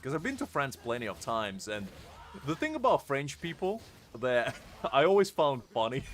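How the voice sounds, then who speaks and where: A tired man streamer in casual live-stream chat, joking and answering his chat. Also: medium pitch. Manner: jokey, laughs often, reads chat aloud. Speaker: game streamer.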